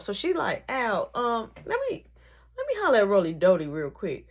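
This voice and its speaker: Husky woman telling a story animatedly. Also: mid-range voice, normal speed. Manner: lively, acts out every character in the story, swings from hushed to loud.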